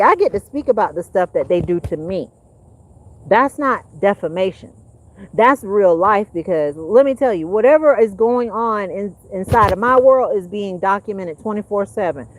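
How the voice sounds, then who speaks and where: A woman hosting a livestream, giving her viewers a blunt, preachy and profane rant that swings between loud and hushed. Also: a little high. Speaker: livestream host.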